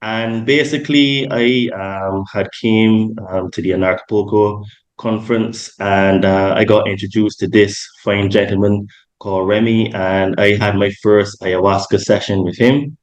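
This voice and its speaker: Rambling podcast host, low voice. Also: male voice, steady tone, measured pace, rough recording. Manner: rambling, many ums and self-corrections. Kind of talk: casual podcast interview.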